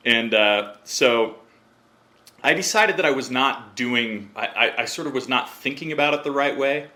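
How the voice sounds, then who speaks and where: A man who is a podcast guest, telling a story in a casual, animated way and acting out what others said. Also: mid-range voice, normal speed. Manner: animated, acts out quotes in other voices.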